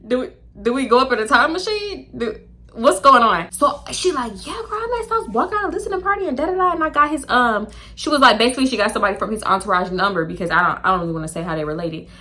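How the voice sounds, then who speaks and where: A young woman telling a casual storytime, chatty and animated, acting out quoted dialogue with laughs. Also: a little high, fast talker. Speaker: storytime YouTuber.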